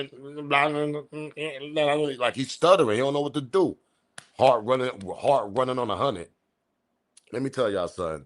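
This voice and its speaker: A man giving casual, animated livestream commentary, repeating himself, swearing and chuckling. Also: fairly low pitch. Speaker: online news commentator.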